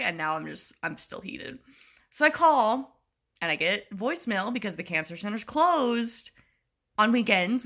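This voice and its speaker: A woman's voice: fairly high pitch, gravelly, pushed and bright. A young woman telling a rambling, exasperated story in a casual vlog, with sarcastic asides. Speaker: vlogger.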